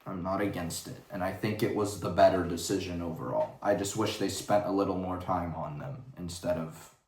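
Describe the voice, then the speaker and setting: Man ranting casually on a stream, rambling and profane, voice a bit low, roomy sound. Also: fairly even intonation, moderate pace, darkish tone, slight background noise. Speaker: vlogger. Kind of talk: casual livestream rant. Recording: roomy echo.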